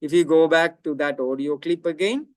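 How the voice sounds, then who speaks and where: A man's voice: on the high side, normal speed, darkish tone, dry recording. A middle-aged man lecturing on audio and speech technology, explaining step by step and often checking in with "right?".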